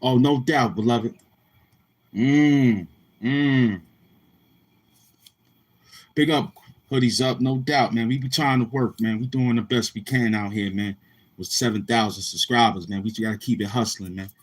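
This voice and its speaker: A man's voice: mid-range voice, steady tone, measured pace, long pauses. A man with a New York accent talking casually to camera as a vlogger, slangy and rambling, repeating tag phrases. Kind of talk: casual street talk to camera.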